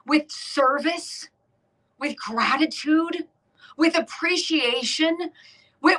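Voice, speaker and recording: A woman's voice: high voice, bright, forceful tone, poor audio. A woman hosting a talk radio show, delivering commentary in an emphatic, sarcastic way. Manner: emphatic and sarcastic, with mocking put-on quotes.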